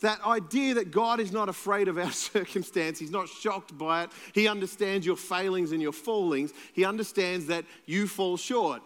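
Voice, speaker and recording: A man's voice: sits high, moderate pace, hardly any pauses, fairly bright tone, long reverb tail. A man with an Australian accent, a pastor preaching a sermon in a conversational, playful way and joking with the congregation.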